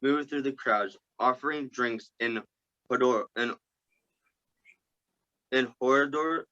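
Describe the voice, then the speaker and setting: A man reading a novel aloud to a group, halting and stumbling over words and restarting. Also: medium pitch, bright, forceful tone, highs cut off. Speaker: group reader.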